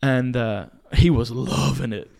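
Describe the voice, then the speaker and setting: Young man, podcast co-host, lively storytelling, acts out voices, average pitch. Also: unhurried, vocal fry. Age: young adult. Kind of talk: casual storytelling. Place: small home studio.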